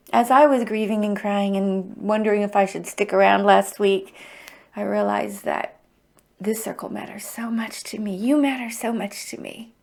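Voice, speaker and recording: Her mid-range voice carries some vocal fry and a slightly mellow quality. She's a middle-aged host running a livestreamed EFT tapping circle, talking participants through it in an encouraging, heartfelt, openly emotional manner.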